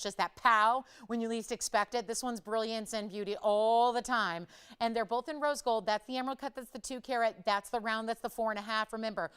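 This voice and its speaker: A woman hosting live jewelry shopping, chatty and upbeat, pitching deals and reading out viewer messages. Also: a bit bright, smooth. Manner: pushes deals with "I'll tell you what".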